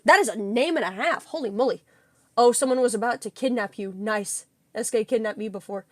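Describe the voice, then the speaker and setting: A young woman streamer chatting casually with her viewers, telling a story in an excitable, giggly way. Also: on the high side, dry recording. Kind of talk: casual livestream chat with viewers.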